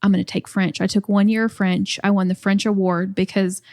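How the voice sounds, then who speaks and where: A woman's voice: medium pitch, little pitch movement, a little fast, a little mellow, slight background noise. Chatty woman podcast guest. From United States. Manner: chatty, many "like" fillers. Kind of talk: casual chat.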